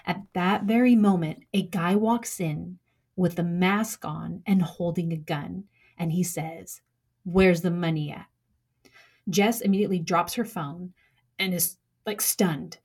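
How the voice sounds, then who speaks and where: Husky young woman telling a true story. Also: on the low side, darkish tone. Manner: measured, dramatic pauses, acts out quoted lines.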